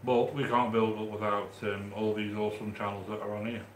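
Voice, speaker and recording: A man from the English Midlands with a Midlands accent, hosting a live stream and chatting warmly with viewers as he reads their comments, with frequent restarts. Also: lowish voice, little pitch movement, a little fast, reverberant, slight background noise. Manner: chatty and affectionate, with many restarts. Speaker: livestream host reading chat. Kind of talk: casual live-stream chat.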